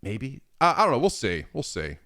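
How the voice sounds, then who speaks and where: A man's voice: mid-range voice, normal speed. A man chatting casually on a livestream, reading viewer messages and answering with laughter and frequent swearing. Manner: profane, laughing, animated. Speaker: streamer.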